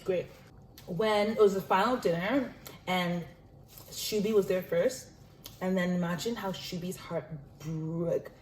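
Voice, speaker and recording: A woman hosting a casual chat show, animated and swearing freely as she acts out what other people said. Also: on the low side, measured pace. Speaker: host. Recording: echoey room with faint noise.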